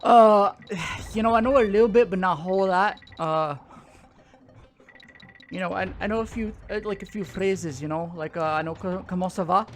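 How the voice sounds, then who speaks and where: Man, high voice, rambling, full of fillers, casual chat. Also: moderate pace, soft background music. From Louisiana. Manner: rambling, filler-heavy, laughs often. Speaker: show co-host.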